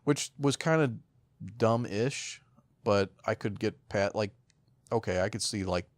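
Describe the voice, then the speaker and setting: Lower-voiced, profane male podcaster, dry sound. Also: unhurried, no room sound. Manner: profane, agreeable, sarcastic asides. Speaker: podcast co-host. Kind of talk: casual movie review chat.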